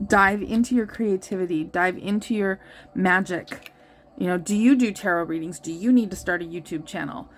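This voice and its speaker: A woman's voice: fairly low pitch, normal speed. Earnest woman reading tarot cards. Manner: earnest, reassuring, thinks aloud. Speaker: tarot reader.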